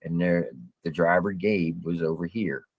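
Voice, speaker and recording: Deep, gravelly man telling a story. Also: steady tone, a little slow, no room sound. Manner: drawling, blunt, step-by-step recounting. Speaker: storyteller guest. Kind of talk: casual storytelling.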